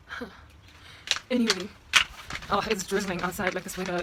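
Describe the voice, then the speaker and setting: A woman with a South African accent chats playfully to her viewers, her voice sitting at an ordinary middle pitch and slipping into sing-song asides. She walks through a casual demonstration at home. Loud clinking of dishes, pots and cutlery fills the kitchen behind her. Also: normal speed, pauses often, background noise. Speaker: vlogger. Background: clattering dishes, pots and cutlery.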